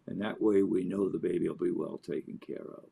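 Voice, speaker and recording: A man with a low, gravelly voice playing a cold, decisive Sherlock Holmes laying out a plan. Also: fairly even intonation, warm tone, full character voice. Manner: brisk, decisive.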